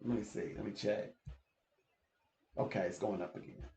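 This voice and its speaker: A man's voice: on the low side, fairly even intonation, moderate pace, gravelly, mellow, a little hiss or hum. A man talking in a casual, rambling monologue, laughing often and repeating words as he goes. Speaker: channel host. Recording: echoey room, slightly dull sound.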